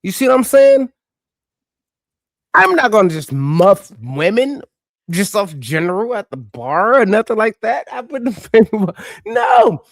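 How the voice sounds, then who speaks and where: A man co-hosting a sports podcast, telling stories in a profane, animated way. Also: high voice, measured pace, gravelly, dry recording, studio quality. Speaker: podcast co-host. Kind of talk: casual sports chat.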